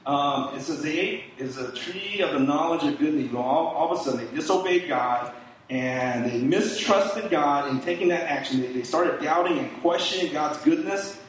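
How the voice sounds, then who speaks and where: A man's voice: a little high, normal speed. Man, middle-aged, informal sermon, chatty with fillers, ringing room echo, faint background hiss. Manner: conversational, many fillers and rhetorical "right?". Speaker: preacher. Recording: echoey room, distant mic, faint hiss.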